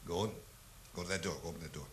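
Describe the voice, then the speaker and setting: A man's voice: low voice, fairly even intonation, racing, slight background noise. A man doing a stand-up comedy set, telling blunt, profane, provocative stories.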